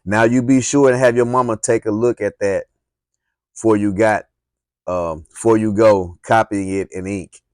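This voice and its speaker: A man's voice: lowish voice, fairly even intonation, moderate pace, no echo, studio quality, natural voice. A man voicing an older Southern woman, kindly but firm, with a Southern US accent, drawling as he reads from a book. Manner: drawling, read aloud from a book with expression.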